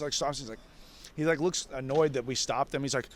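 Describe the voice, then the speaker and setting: A man telling a story in casual, animated talk, swearing freely and acting out what others said. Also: medium pitch, fast, slight background noise. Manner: animated, profane, laughs often, acts out others' lines. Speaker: wrestling veteran guest.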